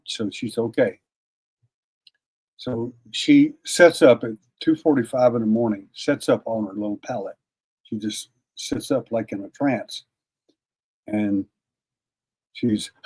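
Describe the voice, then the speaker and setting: An older man, a guest on an interview, telling a long personal story in a folksy, casual way, often repeating words and clearing his throat. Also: mid-range voice, darkish tone. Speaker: interview guest, paranormal investigator.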